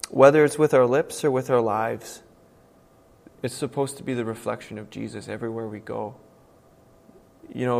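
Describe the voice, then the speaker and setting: A male pastor preaching a sermon with earnest emphasis, moving between hushed and loud, emphatic passages. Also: mid-range voice, creaky. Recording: long reverb from a large hall.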